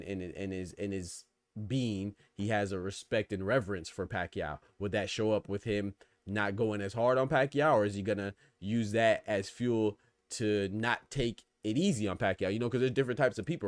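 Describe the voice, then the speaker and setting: A man hosting a boxing podcast in casual solo commentary, slangy and conversational, shouting out his live chat. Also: fairly low pitch, fairly even intonation, fairly quick, no room sound.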